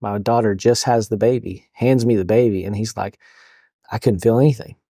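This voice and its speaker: Male counselor guest, mellow dark tone, casual, halting speech full of "um" and "like". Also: lowish voice, fairly even intonation, no echo, studio quality. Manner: halting, full of fillers and restarts. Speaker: counselor for police officers. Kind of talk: casual podcast interview.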